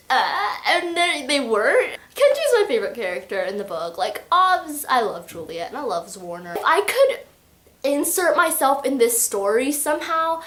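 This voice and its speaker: A woman's voice: high-pitched, sing-song, measured pace, fairly bright tone. Gushing young woman in an echoey room. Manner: gushing, giggly, acts out quotes in voices. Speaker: book vlogger. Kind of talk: casual book review chat.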